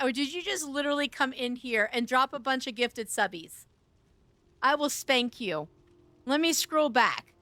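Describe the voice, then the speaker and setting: A woman's voice: a little high, fairly bright tone, clear, resonant tone, dry recording. A woman streaming live, chatting casually with her viewers in a flirty, teasing, playful way. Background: music.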